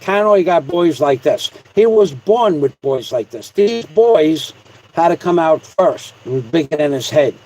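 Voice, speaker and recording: A man hosting a casual livestream, reading out viewer comments in a rambling, joking way with repeated shout-outs. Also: on the high side, expressive, a little slow, rough recording. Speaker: livestream host.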